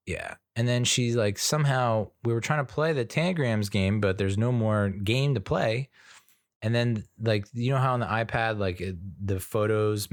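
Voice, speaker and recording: A man's voice: fairly low pitch, dry recording, clean studio sound. A man hosting his own podcast, talking in a rambling, casual way with lots of fillers and wry sarcastic asides. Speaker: podcast host. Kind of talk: solo casual podcast monologue.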